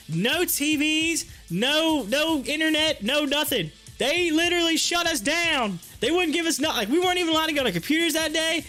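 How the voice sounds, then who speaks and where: A man's voice: extremely high pitch, lively intonation, fairly quick, sharp tone, faint music behind. A man hosting a live stream, telling a long story casually, with many fillers and repeated words.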